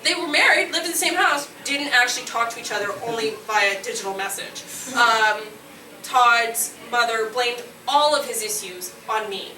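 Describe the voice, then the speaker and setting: A woman from Nova Scotia, Canada, in her late twenties, telling a brash, animated comic story on stage, often laughing at her own lines and yelling punchlines. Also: on the high side. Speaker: solo comedy performer. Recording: roomy, distant, noisy live room recording.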